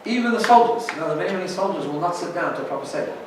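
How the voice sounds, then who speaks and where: A man's voice: high-pitched, expressive, rapid-fire, very echoey, distant mic, background noise. A man teaching an informal Torah class as a rabbi, chatty and often checking in with "right?". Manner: chatty, keeps asking "right?".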